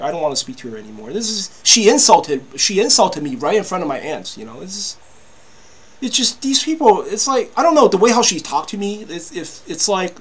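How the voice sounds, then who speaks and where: A man in his fifties ranting to camera, agitated and repetitive, stammering through restarts and swearing freely. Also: high voice. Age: 50s. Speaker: vlogger.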